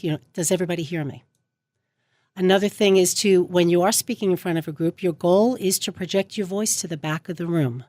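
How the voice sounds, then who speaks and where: Speaking into a studio mic on radio, a speech coach with a lowish, slightly mellow voice leans hard on important words as she explains. The sound has no echo.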